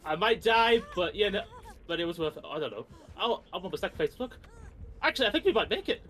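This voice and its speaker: A man playing games with a friend on a casual stream, excitable and prone to yelling at the game. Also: high-pitched, fast. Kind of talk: casual gaming stream chat.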